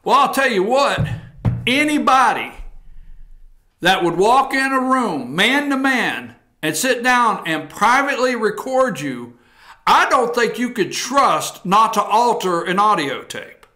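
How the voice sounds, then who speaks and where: A man's voice: sits high, sing-song, a little slow, pushed and bright, exaggerated voice. A man playing an indignant politician dodging questions. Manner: indignant, evasive. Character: defiant male politician dodging a reporter.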